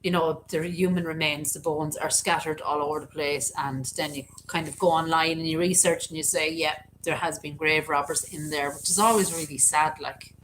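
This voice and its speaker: Irish woman on a live stream, lowish voice, chatty and keen, bit of faint noise behind. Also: steady tone, normal speed, few pauses, fairly bright tone, rough recording. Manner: chatty, enthusiastic storytelling. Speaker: co-host of a cemetery channel live chat. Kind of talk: casual live-stream chat.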